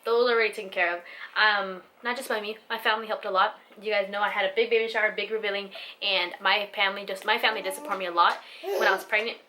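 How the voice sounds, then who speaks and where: A woman's voice: medium pitch, fairly even intonation, fast, pushed and bright, a little hiss or hum. A young woman, a vlogger and new mother, talking candidly and from the heart to camera, swearing casually and filling her talk with "like" and "you know". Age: young adult.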